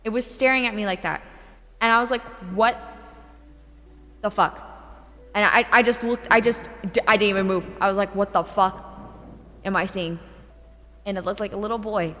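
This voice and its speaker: A woman's voice: medium pitch, normal speed, pauses often, in a large hall. Young woman telling a ghost story. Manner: animated, swears, breaks into laughter. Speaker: VTuber streamer. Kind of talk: casual storytelling.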